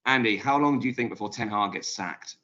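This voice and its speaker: A man's voice: lowish voice, brisk, sharp tone, lo-fi sound. A man hosting a casual football chat podcast over a video call, chatty and leading the talk with filler ums. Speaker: podcast host.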